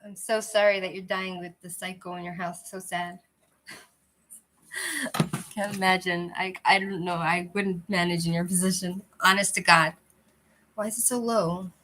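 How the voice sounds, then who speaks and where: Through a cheap, lousy microphone, a woman hosts a casual livestream chat, rambling loosely and often restarting as she talks to viewers. Her lowish voice has fairly even intonation and a sharp tone, with a moderate pace and frequent pauses, and the audio quality is poor.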